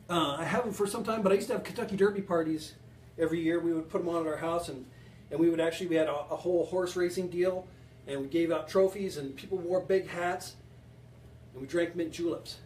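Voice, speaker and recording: Rambling joking man with a high voice. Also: darkish tone, a little hiss or hum. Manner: rambling, joking, talks to viewers. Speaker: home bartending show host. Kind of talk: joking casual cocktail demo. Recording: echoey room, distant mic.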